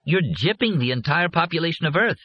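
A man's voice: fairly high pitch, animated, fairly quick, husky, voice pushed up. A man voicing a young man who is uneasy and doubtful, talking hesitantly with his father. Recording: muffled lo-fi recording.

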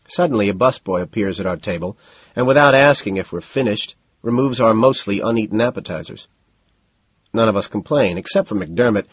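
Male audiobook narrator, deadpan first-person reading, husky low voice, dead dry lo-fi recording. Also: a little fast, no room sound.

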